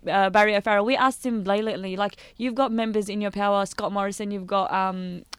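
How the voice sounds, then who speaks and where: A presenter in a casual panel discussion who talks quickly, jokes and cuts in over the others. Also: male voice, high voice, fairly even intonation, clean tone, no room sound. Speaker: radio show presenter.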